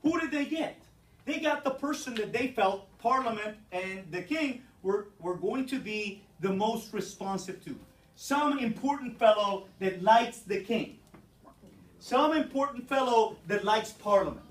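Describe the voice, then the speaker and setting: A teacher giving a brisk classroom lecture, explaining step by step and checking in with the students. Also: medium pitch, animated. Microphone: distant room mic. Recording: echoey classroom from far off.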